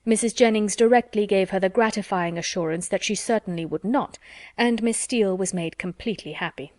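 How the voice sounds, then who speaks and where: Woman narrator, classic novel audiobook, measured delivery, close dry sound. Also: medium pitch, dry recording. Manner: measured, even storytelling.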